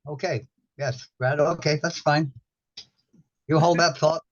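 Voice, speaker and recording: A man's voice: a little high, steady tone, a little slow. An older man hosting a casual chat, rambling and repeating himself with wry humor. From Ireland. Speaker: host. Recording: dull lo-fi sound.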